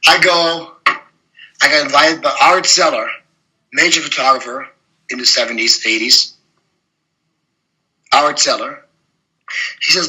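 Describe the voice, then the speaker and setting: Blunt, forceful man. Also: fairly high pitch, a little slow, long pauses, low-quality recording. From Germany. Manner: blunt, profane, animated anecdotes with frequent laughs. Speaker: interview guest, bodybuilder. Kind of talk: casual interview storytelling.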